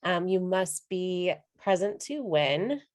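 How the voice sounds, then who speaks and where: A woman from the marketing team opens a webinar as emcee. She runs through the housekeeping notes in a friendly, brisk way with occasional ums. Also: fairly low pitch, expressive. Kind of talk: webinar announcements.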